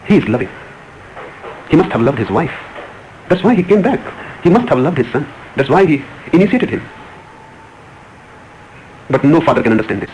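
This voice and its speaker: A man's voice: on the high side, big pitch swings, normal speed, pauses often, a little mellow, highs cut off, a little hiss or hum. A man giving a spiritual discourse as a teacher, telling a story and answering questions with repeated, emphatic phrases.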